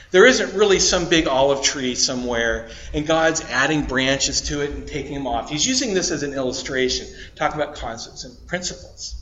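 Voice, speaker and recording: A man's voice: medium pitch, bright, forceful tone. A male pastor preaching a sermon, stressing words by rising and dropping his voice. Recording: dull lo-fi recording.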